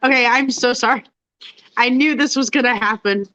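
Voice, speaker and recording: A woman's voice: a little high, moderate pace, sharp tone, no room sound, lo-fi sound. A woman hosting a casual chat, congested and tired from illness, laughing often and reading out viewer comments. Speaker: host.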